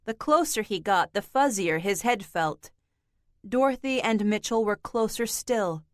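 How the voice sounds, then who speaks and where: A woman narrating an audiobook in a slow, measured, even reading. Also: mid-range voice, no echo, studio quality. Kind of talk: scripted narration.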